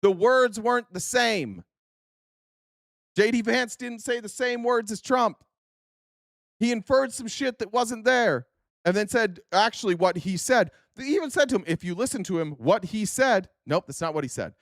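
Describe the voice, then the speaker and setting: A man's voice: high-pitched, expressive, normal speed, dry recording, clean studio sound. A man hosting a live political commentary stream, ranting at his chat in a heated, profane and sarcastic way.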